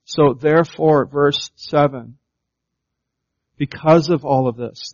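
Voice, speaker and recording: A man's voice: on the high side, steady tone, takes it slowly, long pauses, darkish tone, dry recording. Preaching man, dry muffled sound. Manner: preaching, reading scripture aloud with rising emphasis. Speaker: pastor. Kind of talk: sermon.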